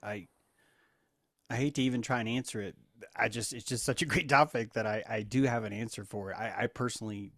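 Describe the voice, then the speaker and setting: A man's voice: on the low side, no room sound. Thoughtful man with a dry sound. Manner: thoughtful, halting, restarts. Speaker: discussion group participant. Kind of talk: reflective casual discussion.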